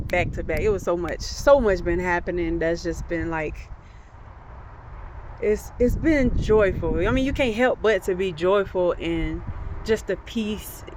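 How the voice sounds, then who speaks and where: A woman's voice: lowish voice, a little mellow, slight background noise. Chatty woman telling a testimony. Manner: chatty storytelling that addresses viewers as y'all and laughs often. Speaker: vlogger sharing faith testimonies. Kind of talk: casual spoken testimony.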